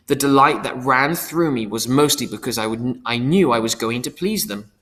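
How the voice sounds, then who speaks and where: A man reading a first-person audiobook, earnest and expressive. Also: medium pitch. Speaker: audiobook reader. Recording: long hall reverb.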